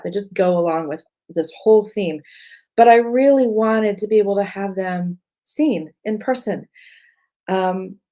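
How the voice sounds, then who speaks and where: Tired middle-aged woman artist rambling heartfelt about her paintings, lowish voice. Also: dark tone. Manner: heartfelt, rambling with frequent fillers. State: tired and emotional. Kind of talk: casual chat to camera.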